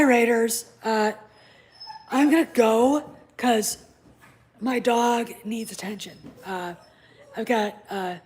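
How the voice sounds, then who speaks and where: This channel host is a woman with a husky, darkish, medium-pitched voice. She speaks bluntly on her casual home vlog, swearing and dropping conspiratorial asides while a puppy is nearby.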